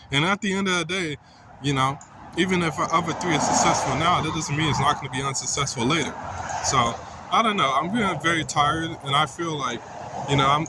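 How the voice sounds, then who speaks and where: A young man venting casually in a vlog, rambling and frustrated, with plenty of "you know" and "like". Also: fairly high pitch. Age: young adult. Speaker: vlogger. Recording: clear outdoor street noise.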